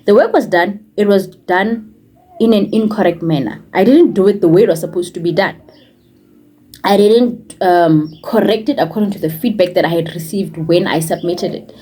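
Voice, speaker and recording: A woman's voice: medium pitch, normal speed, breathy edge. A young woman with a Setswana-accented English, telling a personal story in a casual vlog and acting out what others said, slipping into Setswana phrases. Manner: animated retelling, acting out what others said, code-switching into Setswana. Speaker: vlogger and former teacher.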